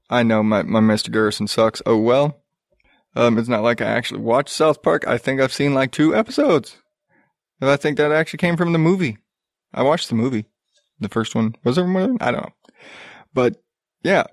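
A man's voice: medium pitch, normal speed, long pauses, dry recording, studio quality. A man hosting a podcast, ranting in a profane, exasperated and sarcastic way. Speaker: podcast host. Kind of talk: ranting casual commentary.

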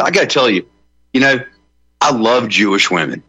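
Comedian guy riffing on radio, bright kinda husky voice, lots of uhs. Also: medium pitch, lively intonation, a little fast, long pauses, no room sound, poor audio. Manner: rambling, joking, many fillers. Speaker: comedian guest.

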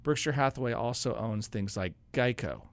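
A man's voice: medium pitch, lively intonation, normal speed, dry recording. Male co-host, casual explainer, dry close studio sound. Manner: explanatory, lots of restarts and laughs. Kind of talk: casual radio show chat.

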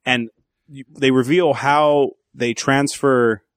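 A man's voice: mid-range voice, slow, no room sound. Guy in his 30s recapping a film on a podcast, swears a lot, dry close sound. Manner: profane, animated retelling of scenes. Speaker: podcast co-host. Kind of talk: casual movie review chat.

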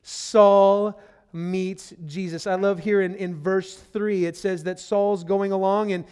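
A man's voice: sits high, little pitch movement, normal speed, a little mellow, smooth. A man preaching a sermon as a pastor, earnest and emphatic, repeating key phrases and speaking to listeners directly as "friend.".

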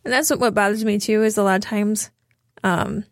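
A woman's voice: mid-range voice, fairly even intonation, brisk, no room sound. Podcast co-host, woman, chatty storyteller, dry close sound. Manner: storytelling, acting out quoted exchanges. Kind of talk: casual chat.

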